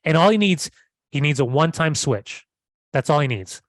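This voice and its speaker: A man's voice: fairly high pitch, expressive, normal speed, no room sound. A man co-hosting a casual football podcast, emphatic and argumentative. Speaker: podcast co-host.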